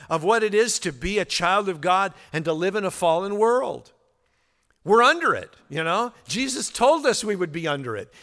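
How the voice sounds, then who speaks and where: Man, bible teacher, conversational, fillers and restarts, slightly raised pitch, long hall reverb. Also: sharp tone. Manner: conversational with fillers and repeated words.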